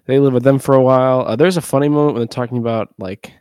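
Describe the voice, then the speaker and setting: Fast-talking man recapping a movie. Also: mid-range voice, steady tone, darkish tone, clean tone, no room sound, studio quality. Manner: retells scenes in quick quoted snippets, heavy "like". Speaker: podcast co-host. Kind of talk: casual movie discussion.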